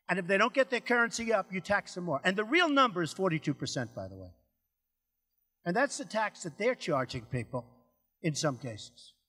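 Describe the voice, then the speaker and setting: Older guy ranting at a rally, huskyish voice, big swoopy pitch, echoey hall. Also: fairly bright tone. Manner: boastful, rambling, repetitive, acts out phone calls. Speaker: political speaker. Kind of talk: rally speech. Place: large hall before an audience. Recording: speech in a large echoing hall.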